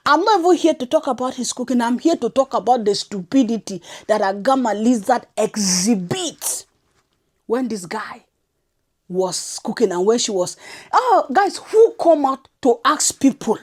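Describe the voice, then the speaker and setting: Woman, high-pitched, angry insulting rant, reaction vlog. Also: lively intonation, normal speed, darkish tone. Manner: scolding, insulting, fiery. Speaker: reaction commentator.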